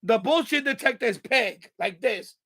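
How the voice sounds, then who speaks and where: A man's voice: very high voice, expressive, moderate pace, sharp tone. A man hosting an amateur radio livestream, in an angry, profane, repetitive rant. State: mad. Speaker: ham radio livestream host.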